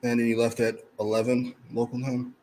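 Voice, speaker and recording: A man co-hosting a podcast with a dry, blunt, deadpan manner. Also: medium pitch, brisk, slight background noise. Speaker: podcast co-host. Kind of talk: casual chat.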